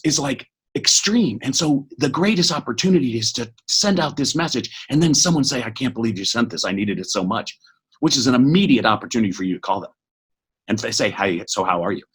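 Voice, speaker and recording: A middle-aged man speaking as a podcast guest, giving an energetic motivational talk that is quick and full of restarts. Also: fairly high pitch, breathy edge. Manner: energetic, fast, with many restarts.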